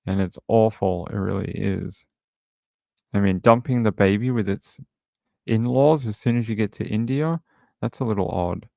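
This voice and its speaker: A man's voice: lowish voice, moderate pace, gravelly, a little mellow, no echo, studio quality. A man hosting a true crime livestream, rambling casually and thinking aloud.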